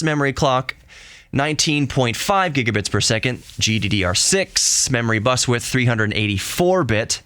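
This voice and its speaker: A young man hosting a podcast. He reads hardware specs in a casual way, breaks in with excited asides, and closes with an earnest, reassuring sign-off. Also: medium pitch, moderate pace, clear, resonant tone, no echo. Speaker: podcast host.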